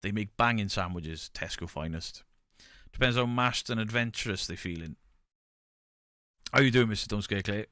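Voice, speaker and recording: Bright-voiced man chatting on stream. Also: fairly low pitch, moderate pace, clear, resonant tone, dry recording, studio quality. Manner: banter, reads chat aloud, shouts mock pub-landlord bits. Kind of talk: casual live-stream chat.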